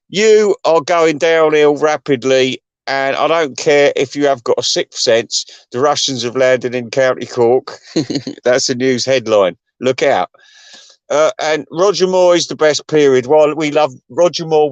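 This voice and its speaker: A man in middle age rants crudely into the mic, wandering from point to point and laughing at his own jokes. His voice sits fairly high and jumps higher when he gets worked up. The sound is close and dry, with no room around it. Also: unhurried, clean tone, dry recording, muffled recording. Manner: crude, mocking, laughs often, pitch leaps up when excited. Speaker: vlogger. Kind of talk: rambling profane rant.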